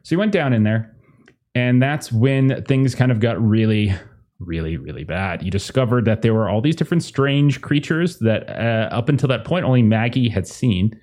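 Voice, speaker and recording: A man narrating as game master, in a relaxed and rambling way. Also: mid-range voice, normal speed.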